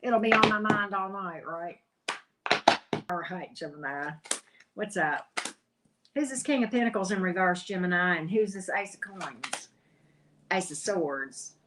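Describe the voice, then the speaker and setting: Hosting a live tarot stream, a woman with a fairly low, expressive voice talks a little slowly, leaving long pauses, with noise in the background. She's chatty and teasing in this casual livestream, reading the cards and greeting viewers by name.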